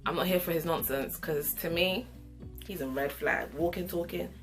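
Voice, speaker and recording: A young woman giving an opinionated, sassy casual review of a reality show, with animated asides. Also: fairly low pitch, moderate pace, faint music behind.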